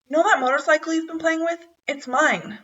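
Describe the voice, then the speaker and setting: A woman's voice: high-pitched, fairly even intonation, a little fast, fairly bright tone, distant mic, lo-fi sound, pitched above the performer's own voice. A woman voicing a small, eager male mouse who pleads and coaxes in a raised voice. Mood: urgent.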